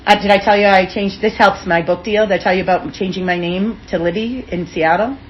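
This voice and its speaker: A middle-aged woman, an author and interview guest, chatting in a lively way and acting out the voices of people she quotes. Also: mid-range voice, a little fast. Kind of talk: animated storytelling in casual conversation. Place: indoor room with a fireplace. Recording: dull, lo-fi sound with faint room hum.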